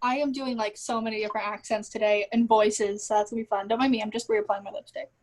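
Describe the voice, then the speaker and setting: A woman's voice: mid-range voice, steady tone, fast talker, darkish tone. A young woman chatting with friends over a video call, rambling through casual asides. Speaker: cast member.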